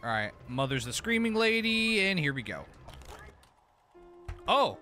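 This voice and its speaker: High, lively laid-back streamer guy. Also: a little slow, long pauses, soft background music. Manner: laughs often, swears casually. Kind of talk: casual gaming commentary.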